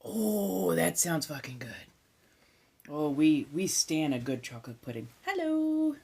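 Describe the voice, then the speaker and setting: Low-voiced laid-back Californian woman. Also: animated, unhurried, vocal fry, slightly rough. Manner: laid-back, swears freely, drops into soft whispers. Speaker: ASMR streamer. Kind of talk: casual live-stream chat.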